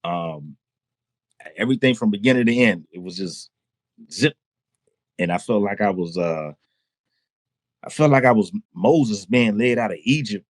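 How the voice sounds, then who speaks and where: A testimony guest, this man shares his personal story in a lowish voice at a moderate pace, using casual slang, pausing often and bursting into laughs. Excited, he restarts sentences and repeats himself. The recording is close and dry with no room sound.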